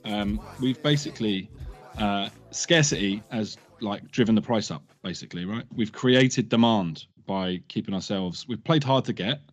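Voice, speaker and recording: A man's voice: on the low side, moderate pace, faint music behind. A man hosting a casual hip hop podcast, rambling with fillers. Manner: laid-back, rambling with fillers. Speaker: podcast host. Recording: dull lo-fi sound.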